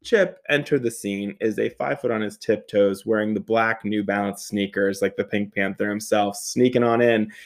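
A young man telling a comic personal story, animated, laughing often, swearing and making quick asides. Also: on the low side.

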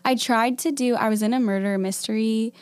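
A woman's voice: a little high, fairly even intonation, brisk, clean tone, no room sound. Woman with a slight Valley Girl lilt. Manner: giggly, self-deprecating. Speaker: podcast co-host. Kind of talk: casual chat.

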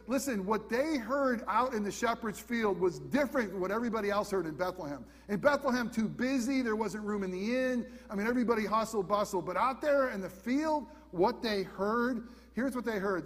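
High-voiced man preaching in a hall. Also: lively intonation, a little fast, hardly any pauses. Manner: emphatic, repeats questions, swings between loud and hushed. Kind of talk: sermon.

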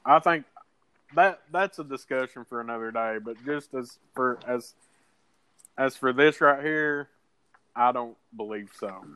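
A man hosting a podcast in casual chat, halting and restarting, swearing casually. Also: mid-range voice, pushed and bright, clear, resonant tone, no echo, rough recording. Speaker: podcast host.

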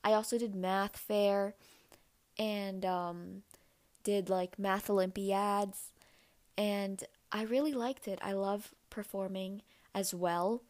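A woman's voice: steady tone, takes it slowly, darkish tone. Chatty young woman telling a story. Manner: chatty, many "like" fillers, acts out quoted voices in a higher pitch. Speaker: podcast host. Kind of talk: casual personal storytelling.

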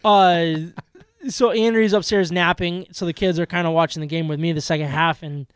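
High-pitched guy co-hosting a sports pod, excitable storyteller, dry close sound. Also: clean tone, dry recording. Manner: excitable storyteller, quick restarts and laughs. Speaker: podcast co-host. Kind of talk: casual sports chat.

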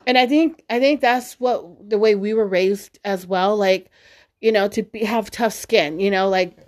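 A woman's voice: medium pitch, measured pace, darkish tone. A woman in her forties, a mother hosting a casual family chat, who talks bluntly, swears freely and fills her speech with "like" and "you know". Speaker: podcast host, mother.

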